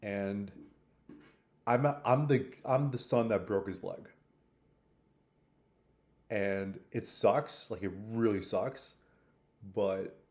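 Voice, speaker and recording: In his reflective vlog, a man with a warm, fairly low voice works through a mistake he made. He's thoughtful but rambling, restarting sentences and using filler words.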